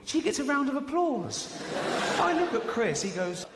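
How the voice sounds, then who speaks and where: A man doing stand-up, telling a story in an animated way and acting out other people's voices. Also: extremely high pitch, normal speed, background noise. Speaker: stand-up comedian. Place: comedy stage. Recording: live stage, hall reverb, faint ambience.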